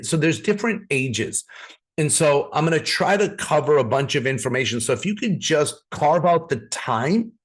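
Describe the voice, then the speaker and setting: Man giving a chatty online business training. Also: medium pitch. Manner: storytelling, repeats words and restarts, addresses audience directly. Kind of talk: live online training presentation. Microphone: video call.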